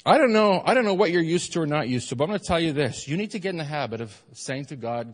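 A middle-aged man preaching a sermon as pastor, conversational and animated, asking his congregation questions and laughing often. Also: fairly high pitch, rapid-fire, few pauses, husky, in a large hall. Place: church.

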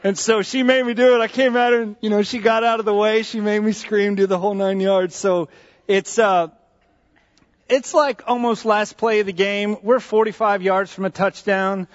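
A man giving a sermon as a pastor, telling a personal story in an animated way, with asides and repeated phrases. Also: high-pitched. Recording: dull, echoey hall sound.

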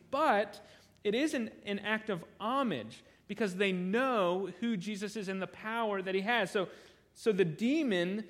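Here a male preacher, high-voiced and fairly bright in tone, moves through a Bible passage in his sermon. He sounds earnest and talks conversationally, often doubling back on words to restart sentences.

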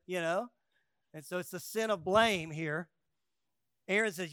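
A male pastor preaching a sermon, rising to loud emphatic peaks and dropping to quiet asides, acting out quoted voices with humor. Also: sits high, unhurried, pauses often, clear, resonant tone, no echo, clean studio sound.

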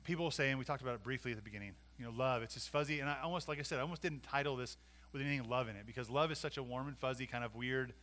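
Guy preaching a sermon in church, bright clear voice, gets loud then drops low, asks the room questions. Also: racing. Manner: emphatic, varies loudness for emphasis, rhetorical questions. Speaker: pastor.

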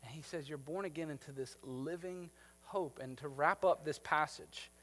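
Man, thirties, pastor, slightly high voice, sermon storytelling that drops soft and tender. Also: moderate pace. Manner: storytelling, shifting from lively to hushed and tender.

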